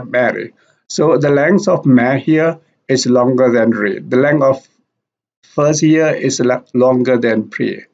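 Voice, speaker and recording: Guy teaching a lesson, slow and repeats words, kinda gravelly, muffled lo-fi audio. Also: mid-range voice, a little mellow. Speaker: language teacher. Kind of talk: explanatory lesson narration. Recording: dull lo-fi recording.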